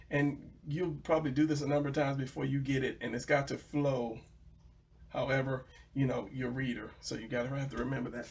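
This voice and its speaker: A man's voice: mid-range voice, flat delivery, fairly quick, breathy edge. A man casually teaching comic drawing, rambling with fillers and restarts as he walks through old pages. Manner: rambling, many fillers and restarts, retelling a story. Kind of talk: casual tutorial talk.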